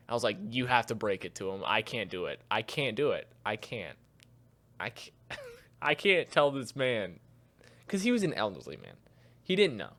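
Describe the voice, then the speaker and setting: A man's voice: medium pitch, fairly bright tone. A young man co-hosting a podcast, chatting casually and acting out both sides of his work stories. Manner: storytelling, acts out both sides of conversations. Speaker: podcast co-host. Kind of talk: casual chat.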